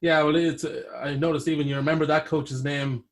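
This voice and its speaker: A man's voice: fairly high pitch, level tone, a little fast. A man from Ireland hosting a casual interview, thinking aloud in a chatty way with plenty of fillers. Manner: chatty, thinks aloud with frequent uhs and yous. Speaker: interviewer, host.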